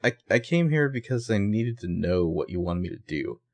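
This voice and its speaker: A guarded young woman read by a man, uneasy and a bit halting as she speaks. The voice stays low and close to his own. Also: very animated, no echo.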